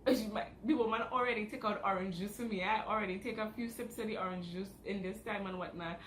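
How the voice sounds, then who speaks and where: A woman's voice: mid-range voice, quick pace. A young woman telling a dramatic story in a casual vlog. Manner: animated, dramatic retelling. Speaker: vlogger. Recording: roomy with faint background noise.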